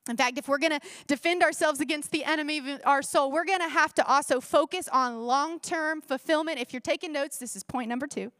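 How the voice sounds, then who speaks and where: Woman pastor, sermon, high voice, dry close sound, conversational with questions. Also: a bit bright, dry recording. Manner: conversational preaching, rhetorical questions. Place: church.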